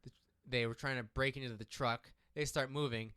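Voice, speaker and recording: A man co-hosting a casual political chat podcast, talking in an animated way and restarting his sentences often. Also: medium pitch, moderate pace, clean tone. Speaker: podcast co-host.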